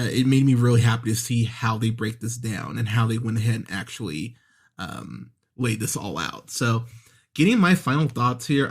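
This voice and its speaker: Man, podcast host, casual review, frequent self-corrections, acts out quoted lines. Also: medium pitch. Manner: conversational, re-voices characters when quoting scenes.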